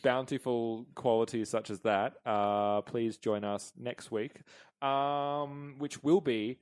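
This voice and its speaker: A man's voice: medium pitch, steady tone, slow pace, clean tone. A man hosting a podcast, giving rambling, self-mocking sign-offs in casual chat. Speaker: podcast host.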